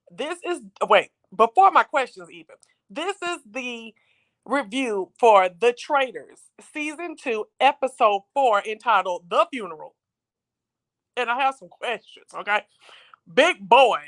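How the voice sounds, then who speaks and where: Woman doing a live recap stream, slangy and chatty, voice a bit on the high side. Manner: animated, chatty, slangy storytelling. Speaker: show recap host.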